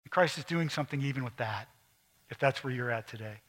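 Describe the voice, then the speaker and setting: A man preaching a sermon, earnest and emphatic, rising to loud peaks and dropping to quiet asides. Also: medium pitch, fast talker. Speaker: pastor.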